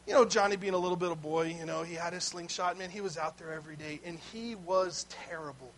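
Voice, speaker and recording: Man, pastor, sermon, high-pitched, conversational storytelling. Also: steady tone, quick pace, few pauses, fairly bright tone, a little hiss or hum, rough recording.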